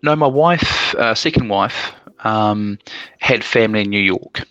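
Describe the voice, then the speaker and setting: A man's voice: fairly low pitch, unhurried, a bit bright, clear, resonant tone, dry recording, lo-fi sound, faint music behind. A man with a New Zealand accent, chatting as a guest and telling travel stories with plenty of ums. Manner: chatty storyteller, lots of ums. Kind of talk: casual chat.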